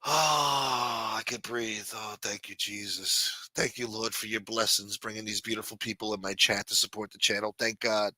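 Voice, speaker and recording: Brash, profane livestream host. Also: male voice, fairly low pitch, fairly even intonation, moderate pace, hardly any pauses, no room sound, rough recording. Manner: brash, profane, shouts out chat donors. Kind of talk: casual livestream chat.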